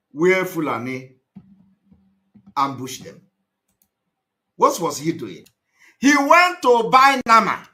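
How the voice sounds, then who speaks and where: A man delivers a live broadcast monologue in a high, bright voice. He talks with emphasis, repeats himself and now and then bursts into shouting. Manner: emphatic, repetitive, with shouted outbursts. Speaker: activist broadcaster.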